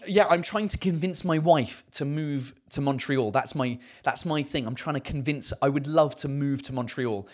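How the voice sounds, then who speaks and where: A man's voice: mid-range voice, normal speed. A man, a comedian and host, chatting casually and rambling as he reads out viewer comments, with lots of fillers and the odd swear word. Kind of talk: casual live-stream chat reading comments.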